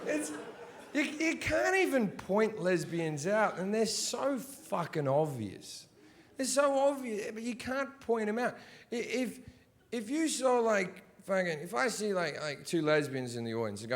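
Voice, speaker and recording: A man's voice: high voice, very animated, unhurried. A man doing a stand-up comedy set on stage, brash and crude, mocking his targets with punchlines. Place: large theater with audience. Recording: roomy live hall, audience noise.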